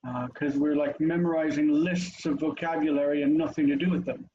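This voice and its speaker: A man's voice: a little high, steady tone, a little fast, mellow, highs cut off. A man teaching an online language lesson over a video call, chatty and explanatory, with frequent ums and asides.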